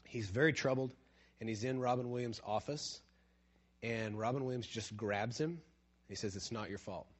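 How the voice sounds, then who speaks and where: A man preaching a conversational sermon who asks his listeners questions, drops to a hush and then builds to emphatic points. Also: mid-range voice, normal speed. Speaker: pastor.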